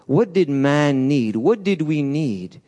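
A man preaching a sermon in a church, swinging between loud urgent peaks and soft low asides, with restarts along the way. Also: expressive, slow. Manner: passionate, rises and falls, restarts, acts out quotes.

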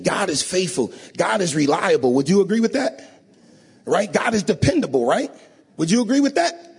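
A man preaching a sermon in a church, emotional and rising to sing-song shouts, often asking the congregation to agree. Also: sits high, gravelly, husky. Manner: call-and-response, asks audience to agree.

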